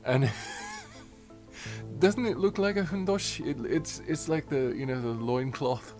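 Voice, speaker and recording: A man's voice: fairly high pitch, measured pace, a little mellow, soft background music. A man giving playful game commentary while reading dialogue aloud. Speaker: let's player.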